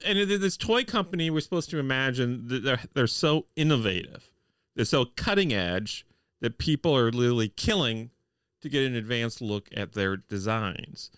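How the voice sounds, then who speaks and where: A man co-hosting a podcast, recapping a TV episode in a wry, deliberate way with deadpan nitpicks. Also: medium pitch, clean tone, no echo, studio quality. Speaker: podcast co-host. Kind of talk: casual chat reviewing a TV episode.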